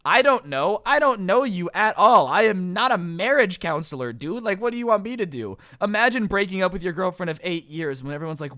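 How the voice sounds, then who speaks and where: A man's voice: high-pitched, animated, a little fast, few pauses, fairly bright tone, dry recording, studio quality. A young man telling a comedic storytime about customer service jobs in a sarcastic, exasperated rant. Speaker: storytime vlogger.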